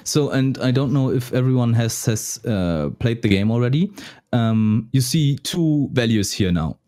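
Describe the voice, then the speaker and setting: A man's voice: medium pitch, animated, warm tone. German-accented man running a tabletop game. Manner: halting, repeats words as he narrates. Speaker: dungeon master.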